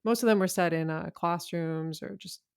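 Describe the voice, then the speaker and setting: A woman guest on a film podcast, talking casually and eagerly with quick asides. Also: lowish voice, creaky, a little mellow, clear, resonant tone.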